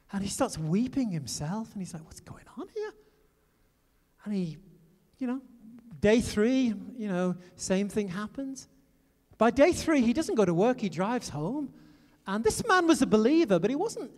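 A man preaching a sermon, telling stories with lively emphasis that drops into hushed asides. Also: high voice. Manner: animated storytelling, swinging from loud emphasis to hushed asides. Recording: long reverb of a church hall.

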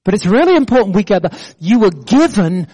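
A middle-aged British man preaching a sermon with an English accent, animated and joking at his own expense as he makes his point. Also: high voice, brisk, slightly rough. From Britain. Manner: animated preaching with self-deprecating jokes and laughter. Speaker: pastor.

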